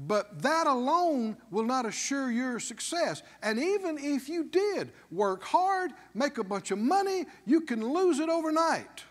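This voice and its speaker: Male pastor, animated slow preaching, high voice, church hall echo. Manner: emphatic call-and-response preaching. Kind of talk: sermon.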